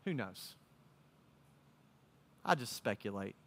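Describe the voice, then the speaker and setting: A man preaching a sermon, telling a story in an animated way with casual slang. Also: lowish voice, takes it slowly, gravelly, big-room sound.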